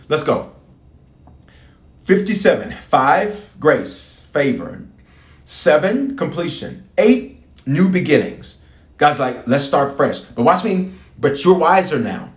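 A man's voice: a little high, big pitch swings, slow pace. A man preaching a fired-up sermon, his voice climbing and dropping dramatically as he repeats his lines. He sits a little above the usual male range, and his voice rings around a roomy, echoing space. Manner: emphatic, repetitive, call-and-response exhortation. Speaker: pastor. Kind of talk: fiery livestream prayer sermon. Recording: roomy echo.

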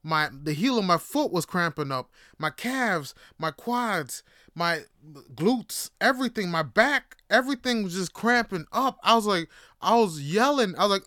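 Brief: male host, casual storytelling, animated and profane, bright and crisp voice. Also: high-pitched, normal speed, no echo, clean studio sound. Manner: animated, swears freely, repeats himself. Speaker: podcast host.

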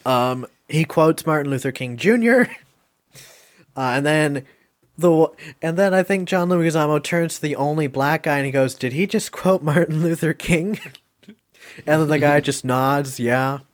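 A man's voice: fairly high pitch, normal speed. A man hosting a casual podcast, rambling through favorite moments with lots of swearing, filler words and laughs. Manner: rambling, profane, laughs often. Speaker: podcast host reviewing a film.

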